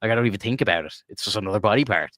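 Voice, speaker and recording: A man's voice: fairly low pitch, expressive, racing, fairly bright tone, no room sound, studio quality. A young man co-hosting a casual podcast chat, swearing freely, rambling with lots of "like" and laughing often. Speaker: podcast co-host.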